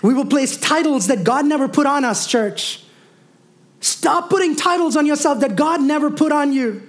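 A man preaching a sermon as a pastor, calling out to his congregation, mixing humor and asides, and rising to near-shouting on his declarations. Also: very high voice, expressive, fairly quick. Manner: preaching with call-and-response asides and wry humor.

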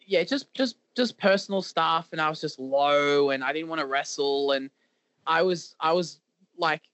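Halting man with a slightly high voice. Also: fairly bright tone, no room sound. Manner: halting, repeats words, many fillers. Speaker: professional wrestler guest. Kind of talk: candid interview talk.

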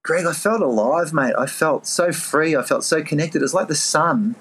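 A middle-aged Australian man, a life coach, telling a personal story in a podcast interview, earnest and animated, often jumping into a higher voice to act out his own past thoughts. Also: normal speed, slightly rough.

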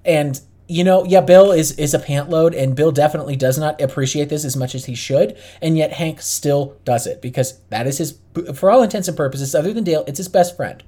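A man's voice: fairly high pitch, brisk, hardly any pauses, warm tone. A man co-hosting a casual podcast, talking candidly and thinking aloud with frequent restarts. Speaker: podcast co-host. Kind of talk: casual chat.

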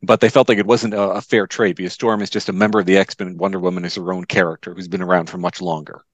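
A man in casual chat, explaining things in a measured, matter-of-fact way. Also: low-pitched, flat delivery, no echo.

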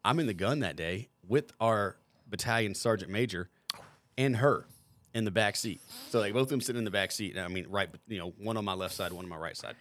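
Guy rattling off a rowdy profane army story, lowish voice, real dry close mic. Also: fairly quick, a bit bright, dry recording. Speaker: podcast co-host, veteran. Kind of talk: casual storytelling.

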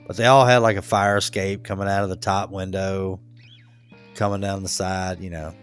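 A man's voice: sits low, level tone, moderate pace, clear, resonant tone, soft background music. A man co-hosting a podcast, telling a work-trip story in a laid-back, joking way, laughing often. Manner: laid-back, laughs a lot, acts out quotes. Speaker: podcast co-host. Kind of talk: casual storytelling chat.

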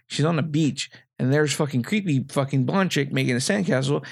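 A man's voice: mid-range voice, quick pace, gravelly, hardly any pauses, slightly rough, dry recording, clean studio sound. A man on a podcast, chatting casually about a horror film, swearing a lot and acting out lines from it. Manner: profane, jokey, acts out quotes. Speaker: podcast host.

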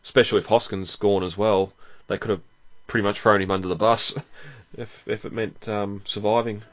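A man's voice: fairly low pitch, steady tone, normal speed, a bit bright. A man hosting a casual film commentary podcast, rambling with fillers and frequent chuckles. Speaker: podcast host. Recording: dull lo-fi audio.

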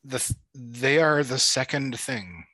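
Bright-voiced rambling man. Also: mid-range voice, lively intonation, takes it slowly, no echo. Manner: rambling, full of "like" and restarts. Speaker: podcast co-host. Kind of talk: casual chat.

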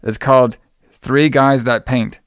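A man co-hosting a casual movie recap podcast, joking and swearing a lot, and acting out characters in a high voice. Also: steady tone, measured pace, very noisy. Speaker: podcast host.

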